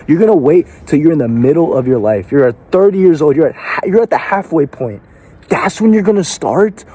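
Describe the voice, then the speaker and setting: A man's voice: medium pitch, dark tone, slight background noise. A man giving a motivational speech in a blunt, confrontational way, cursing and firing rhetorical questions at the listener. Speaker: motivational speaker.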